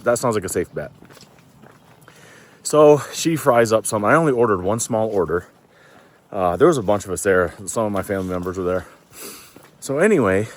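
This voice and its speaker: A man telling casual, folksy stories while hiking outdoors, a little out of breath from climbing. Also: lowish voice. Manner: chatty, loose and folksy, swears casually. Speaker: thru-hiker vlogger.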